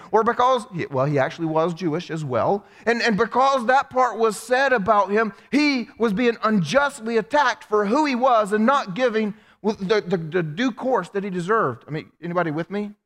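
A man preaching a sermon as pastor, animated and humorous, acting out quoted prayers in his telling. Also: high-pitched, moderate pace, few pauses. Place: church sanctuary. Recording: long hall reverb from the sanctuary.

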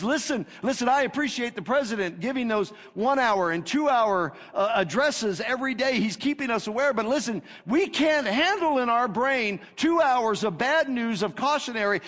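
A male pastor preaching a sermon, emphatic and repetitive, swinging between loud declarations and hushed lines. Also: extremely high pitch, animated, moderate pace, few pauses. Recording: long reverb of a hall.

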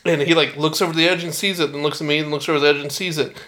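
A male podcast co-host telling animated, profane stories in casual chat. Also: a little high, rapid-fire.

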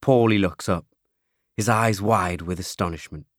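A man reading an audiobook aloud, telling the story in first person with lively timing. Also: low voice, normal speed, no room sound, studio quality. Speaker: audiobook narrator. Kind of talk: scripted audiobook narration.

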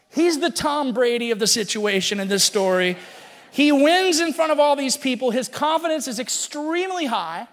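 High-pitched guy preaching super casual, storytelling, long hall echo. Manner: casual, animated storytelling with slang. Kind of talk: sermon.

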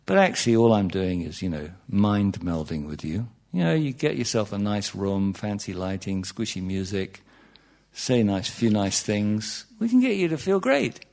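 A man's voice: fairly low pitch, very animated, normal speed, creaky, a little mellow. A man giving an informal, humorous talk on meditation to an audience, full of asides and "you know"s, his voice jumping up for emphasis. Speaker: meditation teacher.

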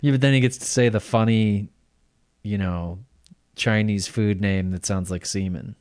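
A man's voice: lowish voice, steady tone, normal speed, a little mellow, clear, resonant tone. A man co-hosting a comedy podcast, chatting casually with dry wisecracks. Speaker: podcast co-host.

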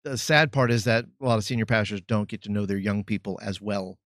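A middle-aged man and former youth pastor, talking in a measured, thoughtful way and searching for words. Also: lowish voice, fairly bright tone, dry recording, studio quality. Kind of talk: reflective podcast chat.

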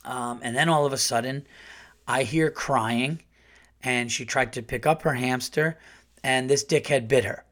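A man hosting his podcast, telling a comic story in an animated, profane, rambling way full of restarts. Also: medium pitch, a little slow. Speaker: podcast host, comedian.

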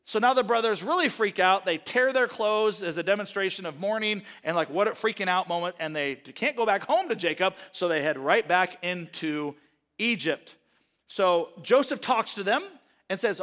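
A man's voice: high-pitched, animated, normal speed, fairly bright tone. A man preaching a sermon, retelling scripture in a casual, conversational way and briefly voicing the characters. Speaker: pastor.

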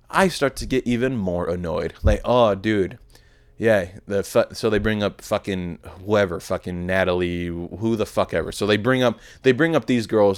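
Low-leaning, clear, and resonant, this twenty-something man's voice carries a casual storytelling monologue on his podcast. He rambles through a profane, self-deprecating tale of a night out.

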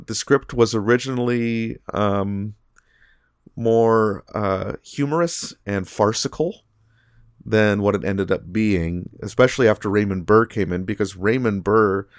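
Clear and resonant, a lowish male voice speaks a little slowly on a dry, studio-quality recording. He co-hosts a podcast, rambling casually with plenty of fillers and restarts.

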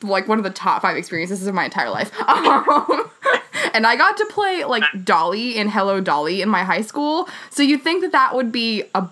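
A woman's voice: medium pitch, moderate pace. Gushing young woman host. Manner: gushing, excitable fan enthusiasm. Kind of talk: casual chat.

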